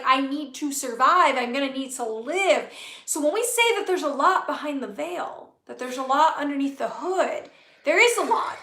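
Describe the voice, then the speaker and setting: A woman's voice: high-pitched, fairly bright tone, reverberant. A woman hosting a live-stream talk as a spiritual business coach, speaking earnestly with many fillers and repeated phrases.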